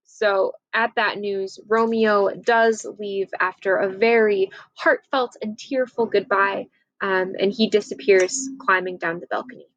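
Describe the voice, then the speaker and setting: A young woman teacher casually retelling a play's scene in a chatty, lively way. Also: mid-range voice, no echo, poor audio. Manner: chatty, lively, acts out quotes. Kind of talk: casual summary of a play.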